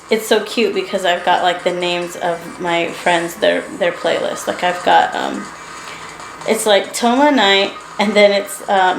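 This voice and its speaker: A sleepy young woman rambles through a late-night vlog, chatty and quick to laugh. Her voice has a gravelly edge. She talks in her living room, which sounds roomy, with a faint hum behind her. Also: medium pitch, fairly bright tone. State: sleepy, yawning. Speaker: doll-collecting vlogger. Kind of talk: casual late-night chat to camera. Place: living room at home, indoors.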